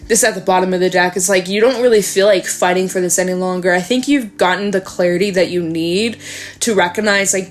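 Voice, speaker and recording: Woman, tarot reader, casual, quick and chatty, swears and laughs often. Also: fairly low pitch.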